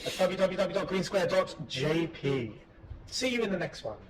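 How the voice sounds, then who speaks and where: British man, english teacher host, playful slow chat, slightly high voice, noisy room. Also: lively intonation. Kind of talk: slow, easy casual chat.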